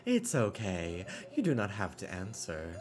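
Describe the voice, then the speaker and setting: Un hombre haciendo de reina robot vanidosa y rígida. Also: male voice, low voice, wildly swooping pitch, unhurried, over music, voice pushed down, heavily acted. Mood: wistful scheming. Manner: stiff formal wording, no contractions. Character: vain robot queen, grandiose, scheming.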